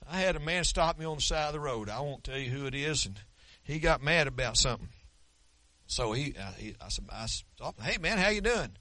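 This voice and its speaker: Forceful folksy preacher in his sixties. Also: medium pitch, a little fast, no echo. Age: 60s. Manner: folksy storytelling with humor. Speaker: pastor. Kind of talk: sermon.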